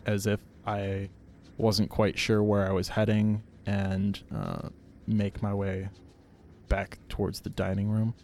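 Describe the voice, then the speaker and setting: A man's voice: fairly low pitch, gravelly, darkish tone, a little hiss or hum. A man playing a tabletop game, talking through his character's actions hesitantly. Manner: deliberate, hesitant. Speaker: player.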